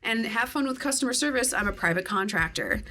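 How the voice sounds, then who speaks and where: A woman's voice: a little high, animated, fairly quick, sharp tone, slight background noise. A woman guest in a casual podcast chat, telling a story with animation, acting out both sides of the conversation and swearing freely.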